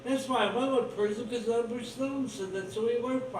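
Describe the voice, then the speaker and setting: A man's voice: extremely high pitch, moderate pace, far from the mic. A man hosting his own livestream, talking in a rambling, blunt, profane monologue full of suspicion. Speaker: livestream host. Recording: roomy echo, voice off-mic, faint ambience.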